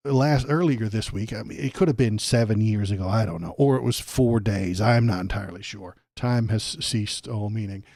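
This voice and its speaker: A man with a lowish voice hosts a political livestream and rants over clips. He sounds sarcastic and mocking, and swears freely. The recording is dry and close. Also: mellow, dry recording. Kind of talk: casual ranting commentary over clips.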